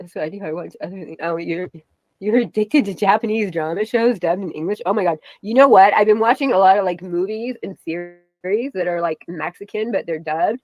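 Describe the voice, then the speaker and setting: A woman's voice: medium pitch, a little fast, a little mellow, dry recording. Woman in her forties, rambling, tearful, heavy fillers, dry sound. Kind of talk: rambling personal livestream talk.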